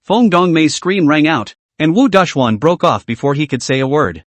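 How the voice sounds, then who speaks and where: A man narrating a story recap in the first person, scripted and brisk. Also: fairly high pitch, expressive, no echo.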